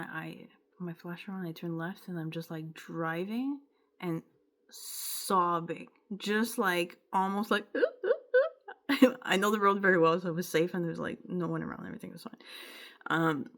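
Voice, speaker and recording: A young woman from Quebec with a Quebec French accent, telling a rambling, emotional personal story in a casual vlog. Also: fairly low pitch. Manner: rambling, emotional, with filler words and self-interruptions. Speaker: vlogger.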